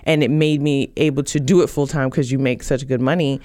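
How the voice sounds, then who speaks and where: A woman's voice: a bass voice, fairly even intonation, fairly quick, a little mellow, no echo. A woman stand-up comedian chatting as a podcast guest, easygoing and wry, with sarcastic storytelling, on a studio microphone. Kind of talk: casual podcast chat.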